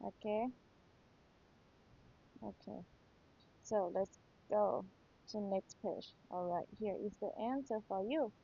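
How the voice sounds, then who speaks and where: Thai-accented lady teaching slowly, keeps saying okay, dull recording. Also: medium pitch, gravelly, warm tone, breathy edge. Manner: patient, repeats key points, many "okay"s. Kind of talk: exam review lesson. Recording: dull lo-fi sound.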